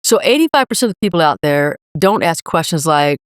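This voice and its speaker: A middle-aged woman, a leadership coach, talking in an emphatic, energetic motivational way as a podcast guest. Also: low-pitched, a little fast, dry recording, clean studio sound. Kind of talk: podcast interview.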